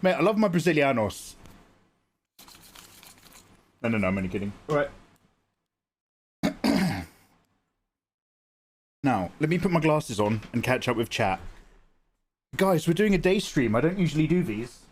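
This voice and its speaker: A man streaming live, chatting casually with viewers while often clearing his throat. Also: on the high side, big pitch swings, a little slow, long pauses. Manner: chatty, greets viewers, jokey. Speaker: livestreaming artist.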